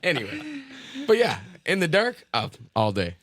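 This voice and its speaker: A man's voice: high voice, huge pitch swings, normal speed, a bit bright. A man co-hosting a podcast in casual chat, joking, laughing often and slipping into silly voices. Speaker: podcast co-host.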